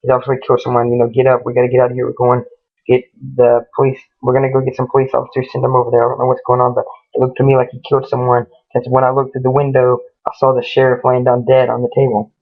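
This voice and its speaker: A man voicing a frightened husband in a ghost story, talking in hurried, panicky run-on pleas. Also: mid-range voice, monotone, lightly acted. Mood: panicked. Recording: tinny phone-like lo-fi audio.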